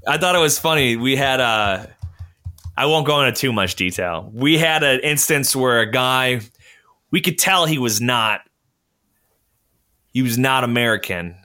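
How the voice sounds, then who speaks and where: A man's voice: medium pitch, expressive, unhurried, pauses often, sharp tone. A man hosting a casual talk, explaining things in a chatty way with many fillers and little acted-out phone exchanges. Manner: chatty, lots of fillers, acts out phone calls. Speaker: podcast host. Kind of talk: casual conversational advice talk.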